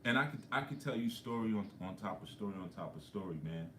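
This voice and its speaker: A low-pitched man tells stories to his livestream viewers. He speaks conversationally and keeps dropping in frequent asides. His voice echoes around a roomy space, with faint ambience underneath. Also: animated, fast, bright, forceful tone, slight background noise. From New York. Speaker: spiritual coach. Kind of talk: livestream talk.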